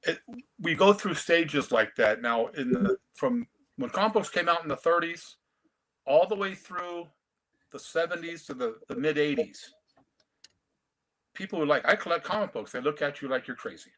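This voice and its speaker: A man, telling stories in a casual, animated way on a video call. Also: a little high, normal speed. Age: 50s. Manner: storytelling, animated. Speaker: comic collector guest. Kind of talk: casual chat.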